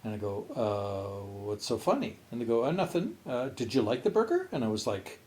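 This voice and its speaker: Animated storytelling man, lively pitch. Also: normal speed. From Canada. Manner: animated storyteller, voices his friends in quotes, swears casually. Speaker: podcast co-host. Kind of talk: casual storytelling chat.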